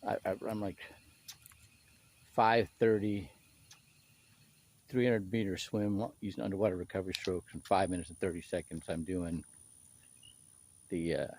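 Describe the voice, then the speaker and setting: Man, slightly low voice, animated personal storytelling with restarts. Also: slight background noise. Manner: animated, acts out quoted people in a raised voice; halting restarts and repeated words. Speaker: speaker sharing his testimony.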